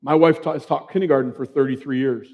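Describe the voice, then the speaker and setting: Speaking fast in a steady, medium-pitched voice, a man in his fifties shares his story as a grieving father. His testimony is earnest and conversational, delivered in a large presentation hall; the audio is dull, with long hall reverb.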